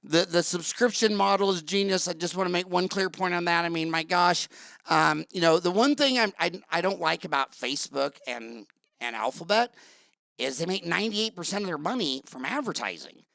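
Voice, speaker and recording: Middle-aged male podcast host, blunt and rambling, gravelly tone with a dry close sound. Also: sits high, normal speed, a bit bright, no room sound. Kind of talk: casual interview talk.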